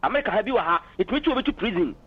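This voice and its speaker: A man's voice: sits high, lively intonation, rapid-fire, breathy edge. A man calling in to a political radio talk show, arguing passionately and switching into English phrases, heard over a dull phone line. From Ghana.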